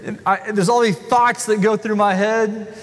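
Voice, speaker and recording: A male pastor preaching a sermon in an animated, self-deprecating way, acting out the people he talks about. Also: high-pitched, normal speed. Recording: long hall reverb.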